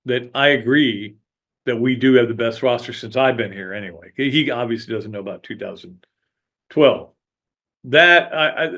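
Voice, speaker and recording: A man's voice: mid-range voice, a bit bright. A man hosting a sports podcast, talking casually in a rambling, chatty way with frequent restarts. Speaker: podcast host. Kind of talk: casual sports talk monologue.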